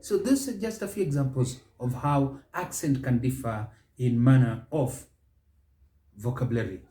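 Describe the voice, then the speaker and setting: A man with a Kenyan accent hosting a pronunciation lesson, speaking slowly and deliberately and stretching key words. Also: medium pitch, dark tone. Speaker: show host and English pronunciation teacher. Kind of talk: measured spoken lesson. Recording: echoey room.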